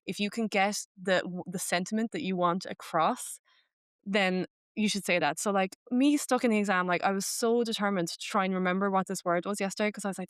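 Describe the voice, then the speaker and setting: A woman's voice: mid-range voice, steady tone, a little fast, clean tone, no echo, studio quality. A young woman with an Irish accent hosting a podcast in casual chat, peppering her talk with "like". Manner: chatty, fills speech with "like", slips into Irish phrases. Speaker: podcast host.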